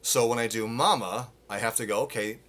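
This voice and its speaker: Man, vocal coach, middle-aged, bright tone, casual live-lesson delivery. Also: medium pitch, fairly quick. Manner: casual, explains with demonstrations and filler words.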